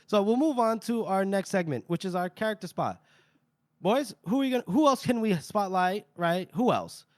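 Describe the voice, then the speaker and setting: A man co-hosts a book podcast and recaps chapters in a loose, rambling way, leaning on "you know" and "like". His voice sits a bit high and sounds close and dry on the mic. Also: expressive, normal speed, dry recording. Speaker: podcast co-host.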